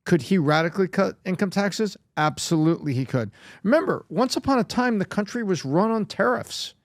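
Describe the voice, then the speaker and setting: A man's voice: high voice, expressive, fairly quick, no echo, clean studio sound. A man on a podcast panel giving confident, emphatic opinions. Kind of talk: casual panel discussion.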